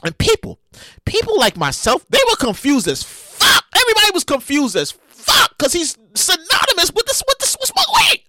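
Wildly animated, bright-voiced male podcaster. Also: very high voice, normal speed, no echo. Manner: animated and profane, with sudden loud outbursts; addresses listeners directly. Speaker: podcast host. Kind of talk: casual solo podcast commentary.

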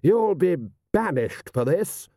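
A man reading an audiobook, voicing a pompous, hot-tempered aristocratic lord who blusters and shouts. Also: high-pitched, very animated, slow, no room sound, studio quality, pitched above the performer's own voice, exaggerated voice. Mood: indignant.

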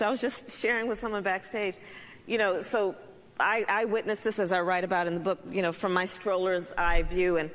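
A woman's voice: on the low side, fairly bright tone. A woman on stage as an author, telling a rambling family anecdote and laughing as she goes. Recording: roomy hall reverb.

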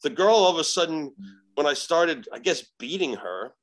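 Man telling a wild story, animated. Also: a little high, moderate pace. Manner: animated, profane, acts out quoted dialogue. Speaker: podcast guest, shaman. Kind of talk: casual storytelling chat.

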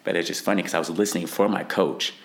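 A young fighter talks through an interview answer in a very low voice with a gravelly, fry-heavy edge. He rambles, circling back and filling gaps with "like" and "you know." The feel is loose and conversational. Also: fairly even intonation, fast talker, a bit bright. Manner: rambling, many "like" fillers.

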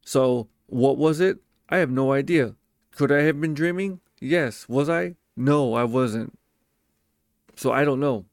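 A man's voice: medium pitch, measured pace, dry recording, clean studio sound. A profane, emphatic man telling a story. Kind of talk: casual storytelling monologue.

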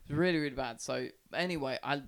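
A young man from South East London, guesting on a podcast, tells a rambling story at a quick pace in casual chat. His mid-range voice is creaky and a bit bright, and he swears heavily and fills with "like" constantly.

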